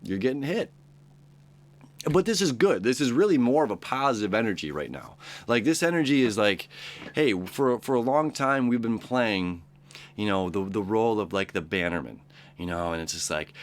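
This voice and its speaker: A man's voice: lowish voice, lively intonation, moderate pace. A man hosting a daily astrology show, talking casually and rambling, acting out quoted friends along the way. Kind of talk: casual daily horoscope talk.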